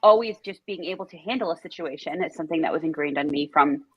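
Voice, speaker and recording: A woman guest in a casual TV reaction chat, talkative and stopping to quote herself in a higher voice. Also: fast talker, breathy edge, dry recording, highs cut off.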